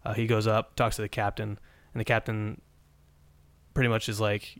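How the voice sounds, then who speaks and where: A man's voice: fairly low pitch, flat delivery, normal speed, a bit bright, no echo. A man hosting a podcast, casually recapping an old TV episode with many restarts and fillers. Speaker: podcast host.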